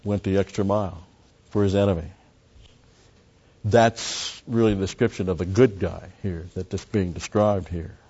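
A man preaching an expository sermon in a deliberate way, with pauses and emphatic rises, on a slightly muffled recording. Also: low-pitched, steady tone, dark tone, breathy edge. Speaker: pastor.

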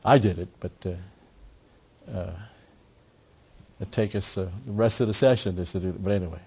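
A man's voice: low voice, moderate pace, darkish tone, breathy edge. A man teaching a Bible study, explaining words closely and driving points home with emphatic repetition. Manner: emphatic, repeats key phrases. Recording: dull lo-fi recording.

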